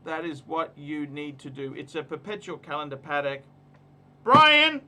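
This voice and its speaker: A man's voice: on the high side, level tone, brisk, a bit bright, slight background noise. A man hosting a casual livestream, giving emphatic, repetitive, ranting advice. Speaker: livestream host.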